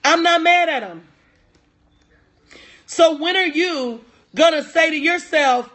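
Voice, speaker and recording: This middle-aged woman, a business coach, preaches to her livestream audience, greeting viewers by name and hammering home her key lines. Her voice sits high and a bit bright, at a measured pace.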